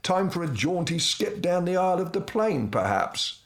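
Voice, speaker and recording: A middle-aged man telling a humorous personal anecdote from a script, with dry, self-mocking wit and lively asides. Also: high-pitched, normal speed.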